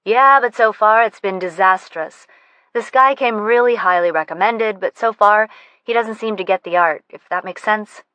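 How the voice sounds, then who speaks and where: An earnest, excitable young woman, as a female narrator voices her talks through her worries in an audiobook. Her voice sits mid pitch, recorded dry. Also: moderate pace, dry recording, lightly acted.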